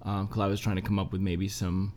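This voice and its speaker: A man's voice: low-pitched, completely flat delivery, quick pace, a little mellow, slight background noise. A man co-hosting a podcast in casual chat, teasing and rambling playfully. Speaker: podcast co-host.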